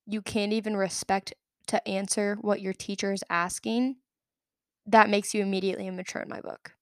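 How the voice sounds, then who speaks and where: A woman's voice: medium pitch, fairly bright tone, no room sound, studio quality. A young adult woman hosting a solo podcast, telling a story in a chatty, opinionated way full of filler words. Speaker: podcast host. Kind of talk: casual solo podcast chat.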